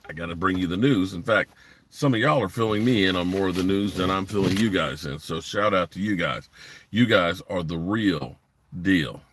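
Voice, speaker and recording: Low-voiced man ranting on a live stream. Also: normal speed, fairly bright tone, slight background noise. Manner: blunt, rambling, frustrated, talks to live chat. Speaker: sports podcast host. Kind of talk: casual live-stream commentary. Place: parked in a driveway.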